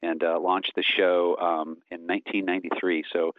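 A man in his forties speaking as an interview guest, earnest and halting with many fillers. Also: sits low, level tone, no echo, narrow, tinny audio. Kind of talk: casual interview talk.

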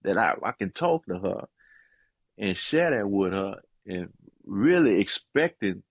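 A middle-aged man, a guest and author, giving an earnest and emotional personal testimony, often pausing with "man" and hesitating as he talks. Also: lowish voice, very animated, no room sound, muffled recording.

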